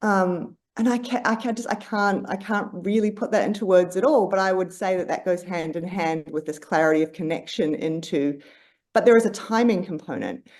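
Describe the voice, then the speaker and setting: An Australian woman, a guest on a podcast, reflects thoughtfully in conversation, searching for words with many fillers and restarts. Her voice is fairly low and a little mellow, at a moderate pace.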